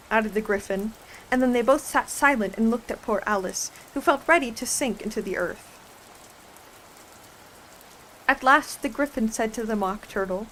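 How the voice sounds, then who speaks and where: Gentle woman reading a storybook ASMR-style. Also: on the high side, normal speed, slight background noise, rough recording.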